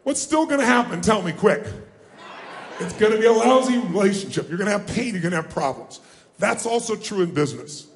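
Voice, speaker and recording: A man giving a motivational seminar, rallying a live audience with questions and call-and-response, often shouting. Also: high voice, animated, brisk, slight background noise. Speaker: motivational speaker. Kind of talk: live seminar address to a crowd. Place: large event hall with a live audience. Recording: echoey hall, faint ambience.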